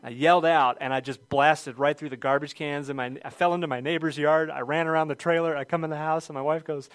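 A middle-aged man preaching a sermon, telling a funny personal story with lively shouted quotes before returning to scripture. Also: on the high side, fast talker, hardly any pauses, no room sound. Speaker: pastor.

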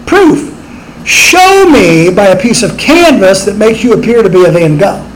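A man's voice: high voice, sing-song, a little slow, slight background noise, rough recording. A middle-aged man preaching a sermon as pastor, emphatic and rising on his rhetorical questions.

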